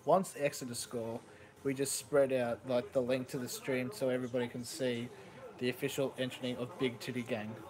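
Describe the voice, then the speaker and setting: A man's voice: medium pitch, little pitch movement, normal speed, a crowd in the background, rough recording. Joking Australian man on a headset mic. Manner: rambling, jokey, laughs often. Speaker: live streamer. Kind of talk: casual live-stream chat. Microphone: headset microphone.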